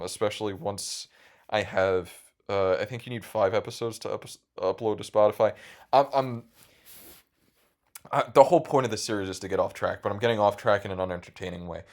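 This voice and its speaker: Rambling young man, lowish voice. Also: fairly even intonation, fairly quick, darkish tone. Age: 20s. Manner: rambling, full of restarts and swearing. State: choked up. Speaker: podcast host. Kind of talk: casual solo chat.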